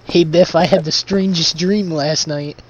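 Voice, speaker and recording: A man's voice: on the high side, steady tone, highs cut off, very noisy, close to an everyday voice. A man playing a taunting young guy. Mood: mocking. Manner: taunting, drawn-out teasing delivery.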